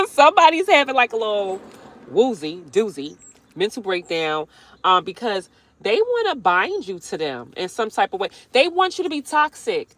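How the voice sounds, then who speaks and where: A woman's voice: mid-range voice, huge pitch swings, normal speed, a bit bright. A young woman giving a live-streamed tarot reading outdoors beside a road, talking in a chatty, slangy, emphatic way. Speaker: tarot reader.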